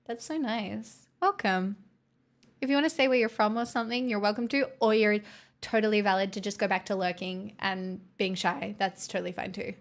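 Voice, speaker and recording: A woman's voice: mid-range voice, fairly even intonation, brisk. A woman from the southeastern US hosting a livestream, chatting casually and teasing her viewers as she reads the chat. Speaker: livestream host.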